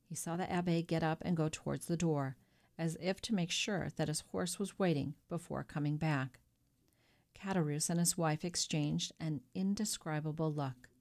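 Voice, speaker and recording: A woman reads a classic novel aloud in steady, measured audiobook narration. Her voice sits on the low side.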